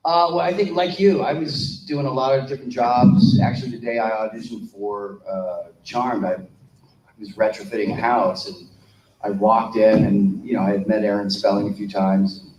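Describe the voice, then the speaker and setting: Male actor, panel guest, chatty and filler-heavy, mid pitch, distant and echoey. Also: fairly even intonation, moderate pace, lo-fi sound. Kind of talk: casual anecdote on a convention panel. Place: convention panel room. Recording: distant, echoey room with faint hum.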